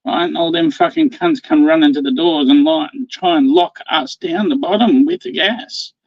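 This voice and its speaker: Gravelly man telling stories. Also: on the high side, big pitch swings, moderate pace, no room sound, dull audio. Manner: swearing, rambling storyteller who laughs often. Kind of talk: casual chat.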